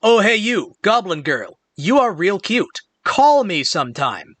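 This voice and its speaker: A man's voice: high voice, sing-song, measured pace, a bit bright, no echo, full character voice. A man doing a lazy, slangy skeleton dude. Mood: flirty. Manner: drawling, filler-heavy slang. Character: laid-back male skeleton, slangy and lazy.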